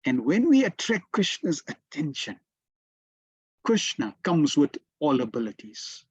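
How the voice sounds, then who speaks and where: A man giving a slow, deliberate devotional lecture as a spiritual teacher, telling stories with emphatic repetitions. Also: a little high, sing-song, breathy edge, no room sound. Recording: dull, lo-fi dry sound.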